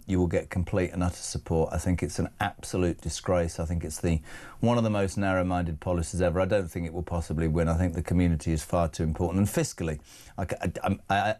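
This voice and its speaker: A man's voice: sits low, a little mellow. A British man hosting a breakfast talk show in a studio, impassioned and emphatic in his opinions. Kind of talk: opinionated talk radio presenting. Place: broadcast studio.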